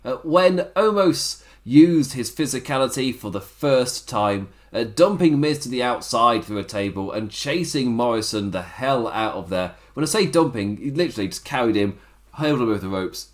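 A man's voice: medium pitch, animated, normal speed. A man giving a casual solo review of a wrestling show, chatty and loose, laughing often between points.

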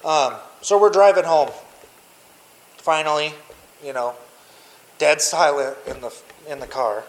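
Man, somewhat high voice, podcast guest, blunt and profane, candid personal storytelling. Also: measured pace, a little hiss or hum, poor audio. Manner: blunt and profane, with frequent restarts.

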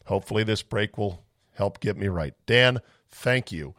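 A man's voice: on the low side, moderate pace, a bit bright, no echo, studio quality. A man hosting a podcast in a casual solo chat, reading a listener's email with sarcastic, rambling, profane asides, his voice a bit off. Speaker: podcast host.

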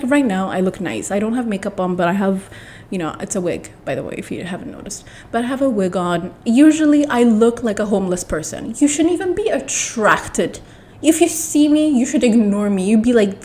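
A woman's voice: medium pitch, expressive, a little fast, dark tone. A young woman with a mixed accent, telling a rambling, blunt story to camera in a casual vlog. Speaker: vlogger.

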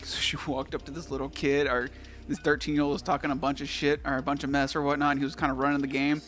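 A man's voice: medium pitch, flat delivery, fast, a bit bright, soft background music. A man telling a rambling story in casual chat, full of swearing and fillers. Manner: rambling, profane, filler-heavy.

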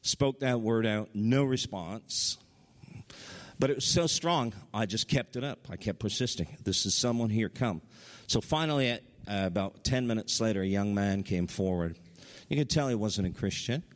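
A man preaching a sermon, telling stories with excitement and his voice jumping up high at the big moments. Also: moderate pace, in a large hall. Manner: excited storytelling, voice rising high at highlights. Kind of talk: sermon testimony.

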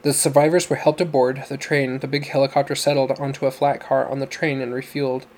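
A man reading a novel aloud as narrator, in a steady, even storytelling manner. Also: mid-range voice, fairly quick, poor audio. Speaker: audiobook narrator.

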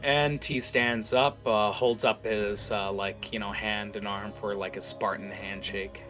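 Rambling low-voiced man game master. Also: steady tone, a little slow, fairly bright tone, soft background music. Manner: rambling, many fillers and restarts. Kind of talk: improvised tabletop narration.

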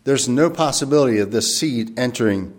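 A man preaching a sermon in a thoughtful, earnest way, pausing and rephrasing as he goes, and reading scripture aloud slowly and formally. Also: medium pitch, expressive.

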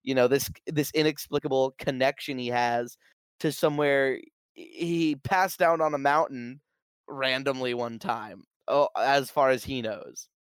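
Speaking at a measured pace, a man with a smooth, resonant mid-pitched voice chats casually and excitedly about a film. He walks through one scene after another and drops into small acted-out quotes, all in a dry, close recording without room echo.

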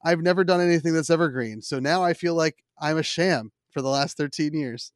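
A man's voice: fairly high pitch, brisk, dry recording, clean studio sound. A man with a Philadelphia accent hosting a podcast, chatting casually in a rambling, self-deprecating way with lots of restarts. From Philadelphia area. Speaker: podcast host.

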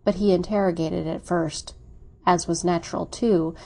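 A woman reading a classic novel aloud as an audiobook narrator, in a measured, unhurried way. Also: fairly low pitch, fairly even intonation, vocal fry, darkish tone.

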